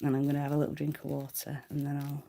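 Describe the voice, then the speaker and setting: A woman's voice: sits low, completely flat delivery, fast talker, vocal fry, dark tone, a little hiss or hum. A woman hosting a casual livestream, chatting to viewers in a rambling, self-deprecating way and laughing often. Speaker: livestream host reading cards.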